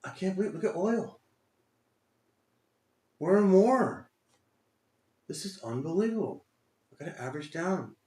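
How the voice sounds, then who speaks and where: A man's voice: high voice, big pitch swings, unhurried, pauses often, darkish tone. Frustrated man talking to himself, echoey. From Texas. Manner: talks to himself, frustrated, exclaims at the market. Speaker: day trader streaming live. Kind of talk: live trading commentary.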